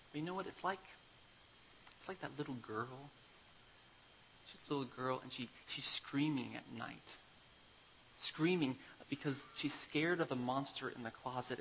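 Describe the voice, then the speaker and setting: Gravelly emphatic man preaching a sermon. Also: mid-range voice, slight background noise, poor audio. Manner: emphatic, swings from loud declarations to quiet confiding. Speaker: pastor.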